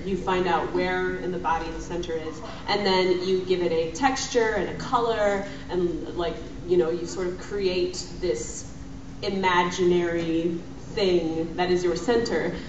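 A woman on a convention panel, chatting in a wry, teasing way and giggling easily. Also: lowish voice. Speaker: voice actor and director panelist. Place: hotel convention room. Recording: echoey hotel room from far off, muffled, noisy.

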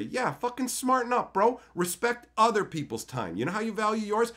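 A high, bright-voiced Canadian man ranting on a live stream. His pitch swings widely as he swears and lectures in a heated rush. The tone is sharp and tense. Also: big pitch swings, moderate pace, few pauses. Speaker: streamer chatting with viewers.

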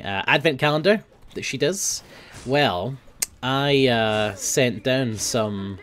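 A young man giving casual gameplay commentary, swearing often and grumbling at his team, quick to flare up. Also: mid-range voice. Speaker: gaming video host.

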